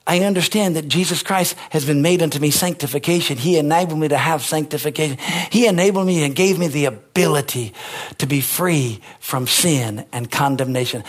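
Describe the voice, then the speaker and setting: High-voiced preaching pastor, shouting peaks. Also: male voice, husky. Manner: animated preaching, shouting on high points, then quieter storytelling. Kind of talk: sermon.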